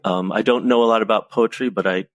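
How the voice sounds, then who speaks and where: Low-voiced man telling lively stories. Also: quick pace, dry recording, highs cut off. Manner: lively storyteller, animated anecdotes. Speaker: presentation coach, guest. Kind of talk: casual podcast conversation.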